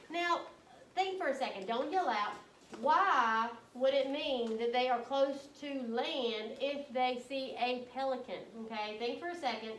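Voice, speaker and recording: A woman's voice: high voice, measured pace, fairly bright tone, a little hiss or hum. A woman teacher reading a book aloud to her class, prompting the students with questions. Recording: echoey room, mic from a distance.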